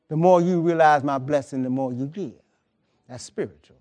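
A man's voice: a little high, normal speed, darkish tone. A man preaching a sermon as pastor, folksy and conversational, acting out dialogue with the Lord in changing voices.

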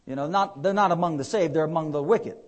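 A man's voice: on the high side, quick pace. A man preaching a conversational sermon, with rising emphatic peaks and frequent fillers.

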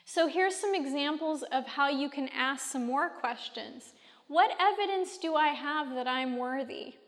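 A woman teaches a faith-based class in an unhurried, high voice, chatting casually and peppering her audience with questions. Her speech echoes with a long reverb, like sound filling a big hall.

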